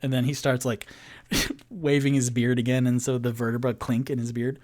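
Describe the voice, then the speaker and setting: A man's voice: mid-range voice, level tone, moderate pace, a little mellow. A man narrating and hosting a live-streamed tabletop game, talking casually with lots of fillers. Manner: casual, rambling, filler-heavy. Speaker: game master and show host.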